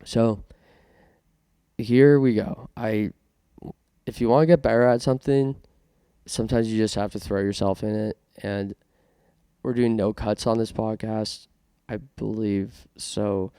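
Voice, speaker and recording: A man's voice: on the low side, fairly even intonation, a little slow, warm tone, clean tone, no room sound, studio quality. A man from Canada hosting a casual podcast monologue, self-conscious and rambling with many restarts. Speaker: podcast host.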